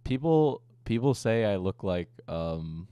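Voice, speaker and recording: A low-voiced young man who rambles through a casual chat with crude jokes and lots of filler. The sound is dry and close, with no room around it. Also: big pitch swings, takes it slowly, dark tone, clear, resonant tone, no room sound. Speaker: streamer and host.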